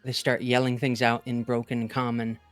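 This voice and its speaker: Very low-voiced woman game master. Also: flat delivery, moderate pace, dry recording, soft background music. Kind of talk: narrating a tabletop game.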